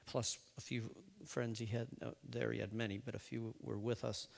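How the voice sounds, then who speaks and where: A man telling a personal story, speaking haltingly with fillers and restarts. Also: mid-range voice, little pitch movement, vocal fry. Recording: long hall reverb.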